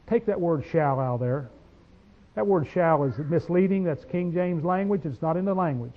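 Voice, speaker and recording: This animated preacher, high-voiced, delivers a homespun, folksy sermon on a dull lo-fi recording. Scripture comes out slow and drawn-out, then gives way to quick conversational call-and-response asides and rising declarations as he swings between quiet and loud.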